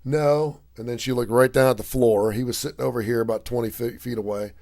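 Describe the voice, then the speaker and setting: A middle-aged man co-hosting a radio talk show, telling a story with lively voiced-out quotes. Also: mid-range voice, fast, gravelly. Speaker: radio co-host.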